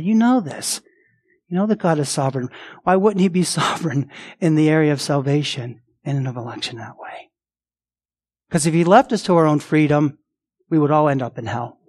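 High-voiced man preaching conversationally. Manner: conversational preaching with rhetorical questions and acted-out voices; frequent restarts and repeated words. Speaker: pastor. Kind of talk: sermon.

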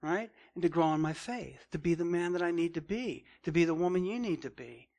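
A man's voice: on the high side, expressive, brisk, gravelly, a little mellow. A man preaching an expository Bible lesson, earnest and conversational, who keeps saying "man" and "right?" and rises in force on his emphatic points.

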